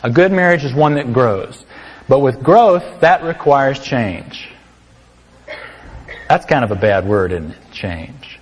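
A man's voice: medium pitch, lively intonation, slow, husky. A man preaching a sermon in an earnest, conversational way, with dry asides. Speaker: pastor. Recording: long hall reverb.

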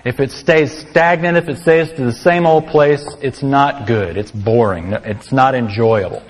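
A man's voice: mid-range voice, a little slow. A man preaching a sermon in an earnest, conversational way, with dry asides. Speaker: pastor. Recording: long hall reverb.

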